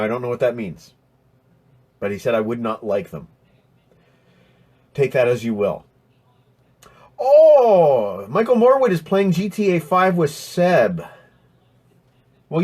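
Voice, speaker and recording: A man hosting a live stream from indoors, chatting casually and joking while he answers viewer questions. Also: medium pitch. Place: indoors next to a window.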